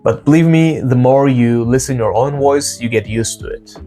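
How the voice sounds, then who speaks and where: A man whose first language is Turkish, teaching English pronunciation in a casual video lesson, repeating and slowly demonstrating example words. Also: medium pitch, warm tone, soft background music.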